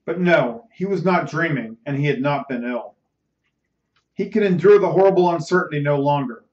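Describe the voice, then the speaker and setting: A man reading a novel aloud as host of a bedtime reading show, measured and dramatic. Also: on the high side, expressive, darkish tone. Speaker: audiobook reader, host. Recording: roomy, slightly muffled recording.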